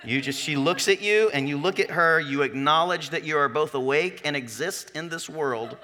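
A man preaching to his congregation with a bright, forceful voice pitched a little high. He talks loosely and jokes, checking in with the room again and again. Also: moderate pace. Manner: conversational, joking, asks the congregation questions. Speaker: pastor. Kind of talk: sermon.

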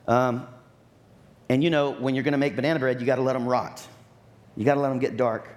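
A man preaching a sermon as pastor, telling stories and acting out what people said, with lively asides. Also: medium pitch, brisk. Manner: storytelling with acted-out quotes and lively asides.

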